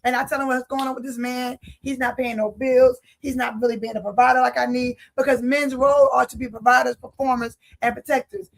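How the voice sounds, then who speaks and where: High-voiced woman telling her testimony. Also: little pitch movement, a little fast, vocal fry, few pauses. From Philadelphia. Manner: vivid storyteller, acts out dialogue; preacherly, addresses audience directly. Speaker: life speaker giving testimony. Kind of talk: personal faith testimony.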